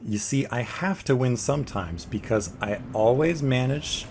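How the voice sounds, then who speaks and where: A man's voice: medium pitch, expressive, unhurried, darkish tone, slight background noise. A man giving casual, jokey let's play commentary, talking to the boss as he fights it. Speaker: gaming video creator. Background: game music.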